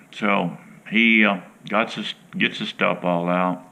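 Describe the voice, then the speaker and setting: A man's voice: low voice, steady tone, slow pace, creaky, sharp tone. A middle-aged man who hosts an outdoors show, telling a rambling, folksy fishing story to his viewers in a casual, chatty way.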